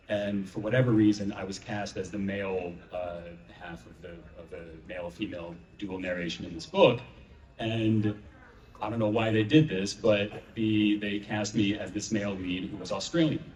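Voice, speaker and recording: A man's voice: lowish voice, darkish tone, highs cut off. A male audiobook narrator on a convention panel, telling rambling, self-deprecating anecdotes. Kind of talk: relaxed anecdotal storytelling. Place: large convention panel room. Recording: echoey hall, distant mic.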